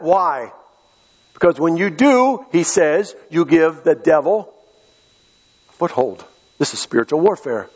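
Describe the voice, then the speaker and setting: A man's voice: fairly high pitch, animated, normal speed, slightly rough. A middle-aged man from western Pennsylvania preaching a sermon as pastor, impassioned and repeating key phrases. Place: church sanctuary. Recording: echoey hall, dull lo-fi sound.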